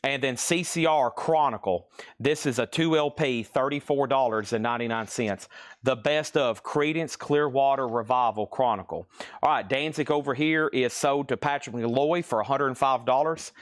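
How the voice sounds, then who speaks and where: A man at mid pitch hosts a live vinyl sale, calling bids and prices in quick succession. He sounds a little out of breath, and his voice is close and dry with no room sound around it. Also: dry recording. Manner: brisk, rattles off titles and prices. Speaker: host selling vinyl records live.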